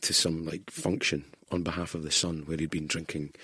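A Scottish broadcaster, a man, telling lively stories in casual podcast chat, swearing freely as he goes. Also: a bass voice, normal speed, slightly rough, no room sound, studio quality. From Scotland. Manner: lively anecdotal storyteller, heavy swearing.

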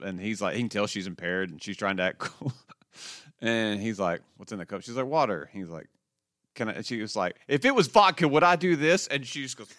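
A man hosting a podcast, excitedly recapping TV episodes in a rambling, swear-filled casual chat. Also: fairly low pitch, smooth, no room sound, clean studio sound. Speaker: podcast host.

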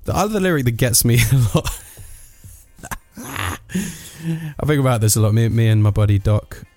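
A man's voice: medium pitch, animated, moderate pace, a little mellow, dry recording, faint music behind. A man, delivering a sardonic, rambling comic monologue full of asides.

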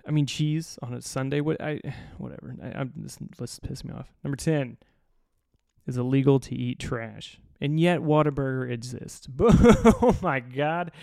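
Male podcast host, gravelly and deadpan-sarcastic, swearing freely while reading a list, recorded dry. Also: medium pitch, moderate pace, no room sound. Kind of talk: solo comedic podcast rant.

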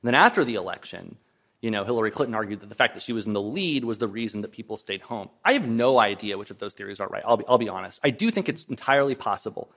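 Man, low voice, lecture hall talk, hedging, restarts, thoughtful. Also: expressive, fast, a bit bright. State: voice briefly strained. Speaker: guest lecturer. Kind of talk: public lecture with audience questions.

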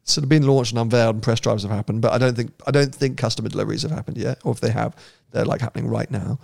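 A man co-hosting a casual podcast, with a gravelly, fry-tinged voice. He chats loosely, laughs often and drops into quieter asides. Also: mid-range voice, steady tone, rapid-fire. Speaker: podcast co-host.

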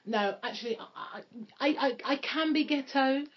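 A woman's voice: sits high, normal speed, a little hiss or hum. A woman co-hosting a podcast, casual and jokey, slipping into put-on voices. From London, England. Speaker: podcast co-host. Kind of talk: casual chat. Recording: dull lo-fi podcast recording.

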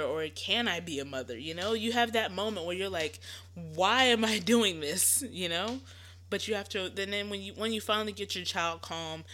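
A woman's voice: on the low side, sharp tone. A young woman, hosting a podcast and giving casual, reassuring parenting advice with lots of fillers. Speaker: podcast host.

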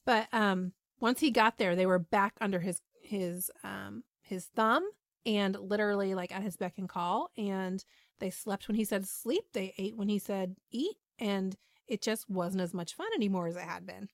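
A woman's voice: mid-range voice, normal speed, no echo, clean studio sound. A woman podcast host retelling a story in casual, chatty talk with frequent ums and asides.

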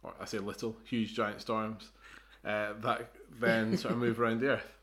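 A man's voice: fairly low pitch, level tone, normal speed, fairly bright tone. A man co-hosting a podcast, explaining things in a casual, hesitant way with many fillers and restarts. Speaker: podcast co-host. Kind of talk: casual chat.

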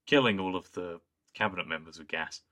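A young man with a low voice and a bright, forceful edge co-hosts a casual podcast chat. He talks with real enthusiasm. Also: a little fast. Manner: enthusiastic, quotes lines in a put-on voice. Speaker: podcast co-host.

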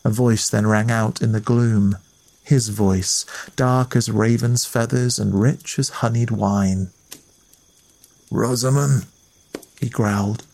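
A man reading a ghost story aloud in a measured, atmospheric way as the storyteller. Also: fairly low pitch, fairly even intonation, gravelly, a little mellow, no room sound. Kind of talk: scripted narration of a ghost story.

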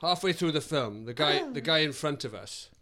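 A Welsh man with a slightly high voice, co-hosting a comedy podcast. He tells stories in a casual, chatty way and bursts into loud, high-pitched bits when he acts out other people. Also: animated, moderate pace, a loud crowd. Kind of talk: casual comic chat.

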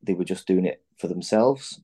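A middle-aged man with a fairly low voice tells his stories bluntly and candidly, swearing freely. He often stumbles and restarts mid-sentence, like in a relaxed podcast chat. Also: moderate pace, slightly rough. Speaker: podcast guest, former footballer. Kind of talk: casual chat.

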